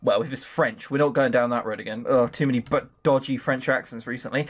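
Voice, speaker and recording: A man's voice: mid-range voice, fairly even intonation, a little fast, few pauses. A man reading a visual novel aloud with casual, rambling, jokey commentary. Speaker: let's player.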